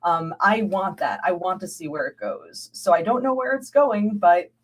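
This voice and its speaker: In this conversational interview, a woman from the United States, a visiting guest scholar, speaks at a moderate pace in a lowish, expressive voice. Animated throughout, she laughs frequently and imitates the things people tell her.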